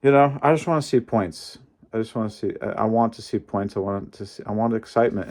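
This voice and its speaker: A young man talks in a casual vlog with a lowish voice. He sounds animated and opinionated and drops in mild swearing while he recaps the day. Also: fairly quick. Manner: animated, opinionated, mildly profane. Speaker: wrestling fan commentator.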